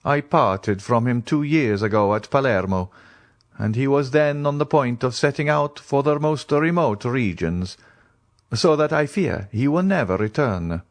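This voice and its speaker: A man reading an audiobook voices a grave, reserved nobleman, speaking in measured tones. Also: medium pitch, lively intonation, dry recording, voice pushed up. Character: grave, mysterious nobleman, restrained.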